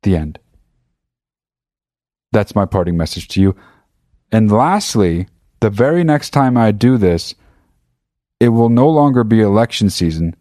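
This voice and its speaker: A man rants to his listeners in a casual monologue, swearing freely and hammering his points home. His voice sits low, and the recording is dry with no room sound. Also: a little slow, pauses often, no echo. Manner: profane, emphatic, animated. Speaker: podcast host.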